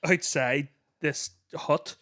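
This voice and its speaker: A man's voice: fairly high pitch, very slow, fairly bright tone. A young man, co-hosting a podcast and retelling stories with lots of swearing. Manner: swears freely, retells stories with quoted voices. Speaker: podcast co-host, son. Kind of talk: casual chat.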